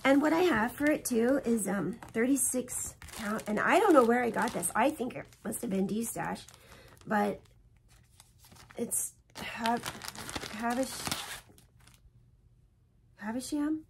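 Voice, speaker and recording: A woman's voice: a little high, animated, slow pace, gravelly, pauses often, slight background noise. A woman hosting her own stitching vlog, talking in a chatty, rambling and emotional way as she shows her projects at home. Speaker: flosstube host. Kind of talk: casual show-and-tell chat.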